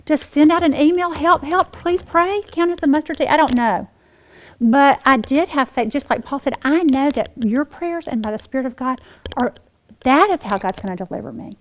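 A middle-aged woman teaches a Bible lesson through her own testimony. Her voice sits a little high, and she tells the story with strong feeling, hushed in one moment and animated the next. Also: a little fast, poor audio. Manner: emotional storytelling, swings between hushed and animated.

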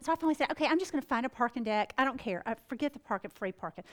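High-voiced chatty woman. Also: lively intonation, fast, fairly bright tone. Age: middle-aged. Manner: chatty, exclamatory, acts out dialogue. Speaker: Christian speaker. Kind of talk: animated storytelling.

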